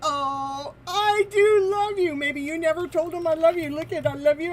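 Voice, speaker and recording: A woman's voice: very high-pitched, a little slow, a little hiss or hum. A woman giving a live tarot reading in a playful, teasing way, laughing often between her messages. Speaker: tarot reader.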